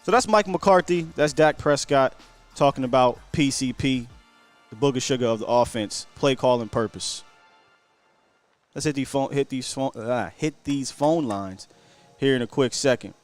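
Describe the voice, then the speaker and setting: A man hosting a live call-in show, his voice in a middle pitch with faint music underneath. He talks energetically in loose slang and trips into quick restarts as he goes. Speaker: host.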